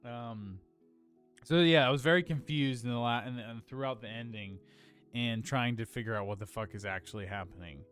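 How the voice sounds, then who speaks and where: Young man, mid-pitched voice, casual podcast co-host, hedgy, lots of "like", faint music. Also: moderate pace, fairly bright tone. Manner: loose, hedging, many "like"s. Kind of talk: casual film discussion.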